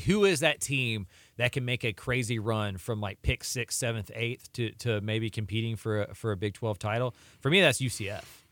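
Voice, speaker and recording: A man co-hosts a casual sports talk show, his speech quick and loose with "like" and "you know" sprinkled everywhere. His voice is bright and forward, recorded dry and close. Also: medium pitch, no echo. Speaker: co-host.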